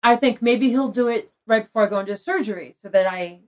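A woman's voice: a little high, quick pace, background noise. Candid woman telling a personal story. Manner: emotional, confessional, laughs between lines. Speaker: guest telling her love story.

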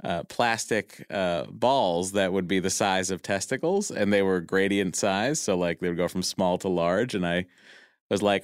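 Deep guy rambling, joking around, lots of uhs, dry mic. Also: moderate pace, smooth, no room sound. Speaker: podcast guest. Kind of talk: casual chat.

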